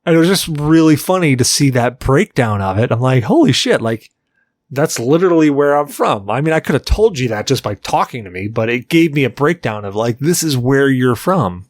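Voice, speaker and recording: Guy on a podcast telling a long story, lots of likes, dry close sound, mid pitch. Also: normal speed, no room sound. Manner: rambling, heavy use of "like"; animated anecdote teller. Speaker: podcast co-host. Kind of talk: casual storytelling chat.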